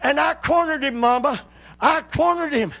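A man's voice: very high voice, moderate pace, creaky, a bit bright, voice pushed up, heavily acted. A breathless little boy. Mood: excited. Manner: frantic, repeating himself in a rush.

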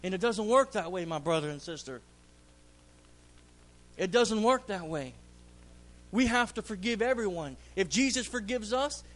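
High-voiced fervent preacher man. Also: a bit bright. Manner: fervent, repeats phrases for emphasis. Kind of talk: sermon. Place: church.

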